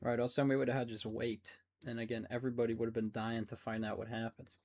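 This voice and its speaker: A man's voice: medium pitch, level tone. A man giving casual, joking commentary while playing a match with a friend. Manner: joking, teasing, quick asides. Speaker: caster and player.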